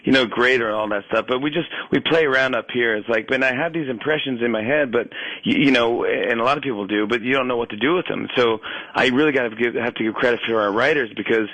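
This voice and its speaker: A man telling stories as a guest on a casual radio interview, animated and laughing often, with many restarts. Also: mid-range voice, quick pace, dry recording, low-quality recording. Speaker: talk show host as guest.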